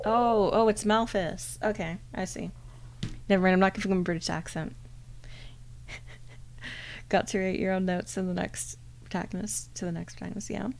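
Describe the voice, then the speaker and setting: A woman streaming a game in a soft-spoken ASMR style, quietly playful and muttering to herself. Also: medium pitch, fairly even intonation, moderate pace, vocal fry, long pauses, a little hiss or hum.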